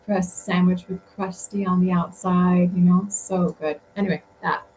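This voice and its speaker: A woman's voice: on the low side, fairly even intonation, normal speed, a little mellow, slight background noise, poor audio. A woman guest telling travel stories in a casual interview, chatty and rambling with many fillers. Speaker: guest author.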